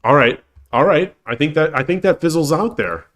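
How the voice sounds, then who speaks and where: A man's voice: fairly high pitch, lively intonation, normal speed, a bit bright. A man with a head cold and a congested voice, streaming live and thinking aloud as he works through board-game puzzles in a hesitant, self-correcting mutter. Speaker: shogi streamer.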